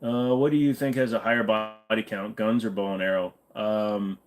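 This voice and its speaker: A man's voice: fairly low pitch, steady tone, normal speed, hardly any pauses. A man hosting a casual livestream, joking and rambling while answering chat. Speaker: livestream host.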